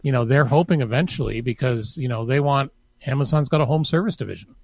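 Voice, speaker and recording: A man co-hosting a casual podcast, talking in a halting way with many restarts and fillers. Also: medium pitch, gravelly, darkish tone, dry recording. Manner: hesitant, many restarts and "you know". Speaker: podcast co-host. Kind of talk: casual chat.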